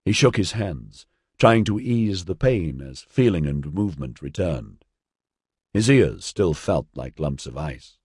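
A man narrating a story in a measured, expressive reading. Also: low-pitched, slightly rough, no echo, clean studio sound. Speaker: audiobook narrator. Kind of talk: scripted narration.

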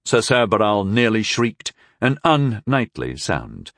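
A man narrating an audiobook in the first person with a wry, expressive storytelling manner. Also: lowish voice, normal speed, dry recording, clean studio sound.

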